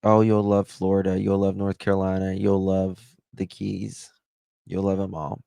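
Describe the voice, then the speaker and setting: A man's voice: low voice, monotone, normal speed, gravelly, mellow, smooth, no echo. A man from the United States hosting a livestream, rambling chattily as he thanks viewers and tells stories. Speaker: livestream host.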